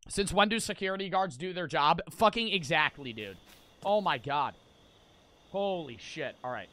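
A man's voice: on the high side, animated, normal speed, pushed and bright. A man streaming a game live, cursing in frustration and talking to his chat. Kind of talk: live gameplay commentary.

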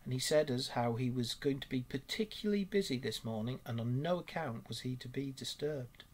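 A man voicing a humble, polite young male hedgehog who speaks in rustic country talk, with a husky voice. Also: mid-range voice, fairly quick, lightly acted. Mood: respectful. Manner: respectful, rustic talk with many "sir"s.

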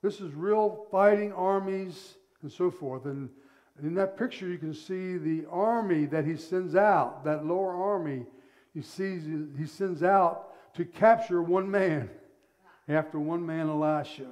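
Male pastor, animated storyteller in the pulpit, high-pitched, slow delivery. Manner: animated storytelling, acting out scenes. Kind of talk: sermon.

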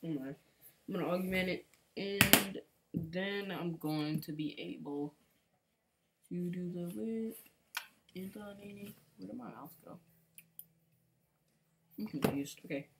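Rambling low-voiced woman gamer. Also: slow, long pauses, background noise. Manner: rambling, mumbles and hums to herself, repeats words. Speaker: gaming channel host. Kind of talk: casual gameplay commentary.

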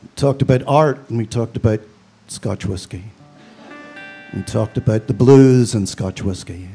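A man's voice: on the low side, measured pace, vocal fry, dark tone, husky, soft background music. A man from Belfast with a Northern Irish accent, giving a eulogy with dry, storytelling humor. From Belfast, Northern Ireland. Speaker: funeral speaker.

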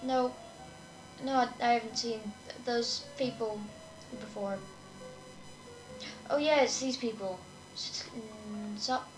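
Woman muttering thru a game, kinda high voice, unsure, echoey room. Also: unhurried, long pauses, a little hiss or hum. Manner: hesitant and mumbling, trailing off with "I guess". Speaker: gamer. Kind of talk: casual let's-play commentary.

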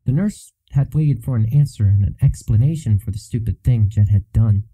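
Male audiobook narrator, steady storytelling, low and very mellow. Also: moderate pace, no room sound, poor audio. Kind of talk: scripted narration of a fantasy novel.

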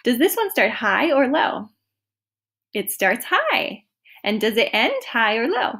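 A woman music teacher giving a slow, encouraging online lesson to young children. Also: on the high side, big pitch swings, fairly bright tone, slightly rough. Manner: slow, encouraging, sings vocal slides on ooh.

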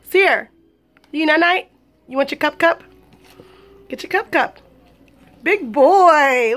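A young woman with a high voice talks to her camera at home while feeding her twin toddlers. She chats casually to viewers, then slips into sing-song baby talk with the boys. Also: animated, takes it slowly, pauses often, fairly bright tone. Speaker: vlogger and mother of twins. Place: home, at dinner time.

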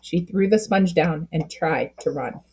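Lady reading a kids' story out loud, husky and kinda low, expressive. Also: a little slow. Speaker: storybook reader. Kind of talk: reading a children's book aloud.

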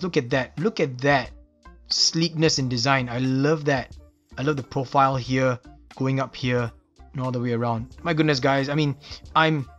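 This knife reviewer from Singapore has a mid-range, slightly bright voice and a Singaporean English accent. He talks casually through an unboxing, exclaiming admiringly over the details.

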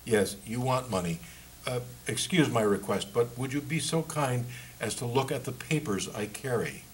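A man's voice: mid-range voice, lively intonation, moderate pace, slight background noise, voice pushed up, close to an everyday voice, poor audio. A man reading the lines of a young emigrant who speaks hesitantly and with great deference, groping for words. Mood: hesitant, deferential. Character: German Polish emigrant, deferential, halting.

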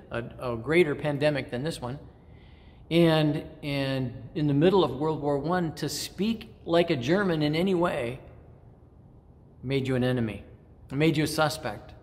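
A middle-aged man preaching a sermon as pastor, measured and reflective, pausing often and restarting phrases. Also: a little high. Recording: long church reverb.

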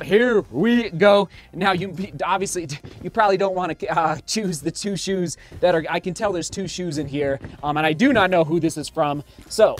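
Excitable high-voiced male running vlogger. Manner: exclaims and gasps a lot. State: slightly out of breath. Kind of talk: excited unboxing vlog. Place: hot home studio.

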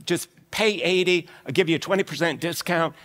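A man voicing a scheming, smooth-talking male estate manager who coaxes debtors into deals in a casual way. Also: a little high, a little fast, a bit bright, long reverb tail, close to an everyday voice. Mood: wheedling. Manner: coaxing, casual deal-making.

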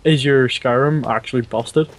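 This is casual gaming chat: a young man with a medium-pitched voice talks at a moderate pace as he plays along with a friend over voice chat. He's jokey and giggly, repeatedly saying sorry for his teasing.

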